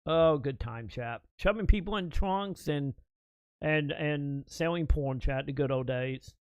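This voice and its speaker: A man's voice: fairly high pitch, measured pace, clear, resonant tone, no echo. Profane rambling male streamer, dry close mic. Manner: profane, rambling, laughing storyteller. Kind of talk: casual storytelling to chat.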